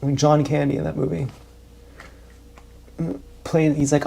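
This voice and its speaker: A man talking straight to his livestream in a loose, wandering monologue, swearing freely and leaning hard on his points. His voice is gravelly with a dark, mellow tone. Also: on the high side, monotone, measured pace, slight background noise. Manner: profane, meandering, emphatic. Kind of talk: rambling casual monologue.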